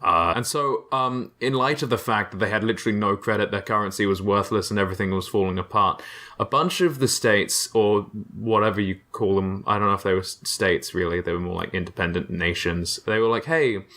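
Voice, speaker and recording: Young male host, sharp bright tone, deadpan sarcastic history recap with lots of ums. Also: fairly low pitch, brisk. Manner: rambling, sarcastic, many fillers and restarts. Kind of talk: casual comedic history explainer.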